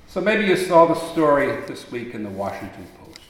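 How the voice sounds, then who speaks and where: In a large church sanctuary, a very animated man preaches a sermon, telling stories without hurry. He builds to emphatic appeals, then falls quiet again, and a long, booming echo carries his voice through the hall.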